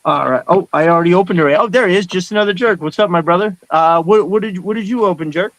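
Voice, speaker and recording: A man's voice: sits high, fast talker, a bit bright, dry recording, poor audio. A middle-aged man hosting a live stream in casual, rambling chat. He reads out viewer comments and greets each viewer as brother. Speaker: host of a live stream show.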